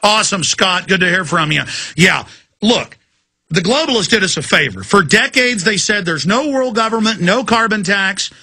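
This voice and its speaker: Talk radio host, male, gravelly and intense, high bright voice, dry studio sound. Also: animated, moderate pace, no echo. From Texas. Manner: gravelly, emphatic, ranting. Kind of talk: fiery talk radio monologue. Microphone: studio mic.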